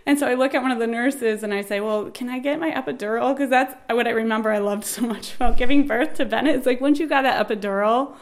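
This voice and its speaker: A woman in her thirties telling a personal birth story, animated and laughing, acting out shouted quotes. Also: on the high side, quick pace, hardly any pauses.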